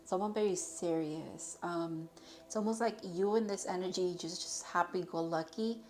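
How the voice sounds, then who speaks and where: A woman's voice: fairly low pitch, normal speed, a little mellow, a little hiss or hum. A young woman giving a casual tarot reading to her viewers, rambling and chatty with many fillers and restarts. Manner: chatty, rambling, with frequent fillers and self-corrections. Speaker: tarot reader.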